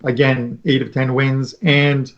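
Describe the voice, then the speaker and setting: A man talking sports bets as a panelist, halting with many restarts and fillers. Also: mid-range voice, level tone, muffled recording. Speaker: panelist handicapper. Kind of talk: casual sports betting analysis.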